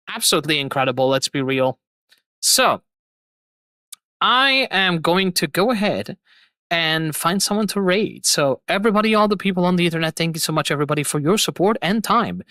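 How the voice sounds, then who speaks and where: A woman's voice: fairly low pitch, bright, forceful tone, dry recording. A young adult woman streamer signing off in casual chat, effusive and rambling, repeating her thanks over and over. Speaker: streamer host.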